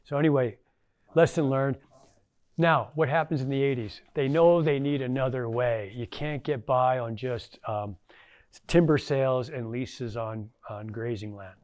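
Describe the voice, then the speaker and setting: A man's voice: medium pitch, measured pace, darkish tone, no echo. A middle-aged man, a former tribal council member, giving a casual storytelling talk to an audience, folksy and anecdotal with lots of fillers.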